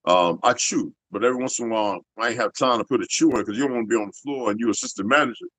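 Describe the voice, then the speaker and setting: Very fast and fairly bright, this low-leaning male voice comes from a man in his fifties, recorded dry. He launches into an unscripted, heavily profane rant at his viewers, streetwise and blunt, constantly veering into asides.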